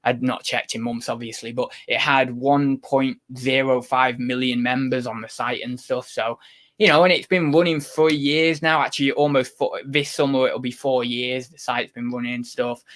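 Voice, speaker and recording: A man's voice: medium pitch, little pitch movement, normal speed, a bit bright. A man hosting a casual livestream, chatting loosely and reading viewer comments, rambling with many fillers and restarts. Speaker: livestream host.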